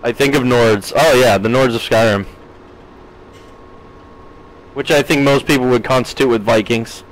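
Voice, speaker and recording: A gaming streamer with a mid-range voice chats casually with his live-stream audience at a moderate pace while playing a farming game. He reads out chat comments and answers them, laughing often. The recording is low quality.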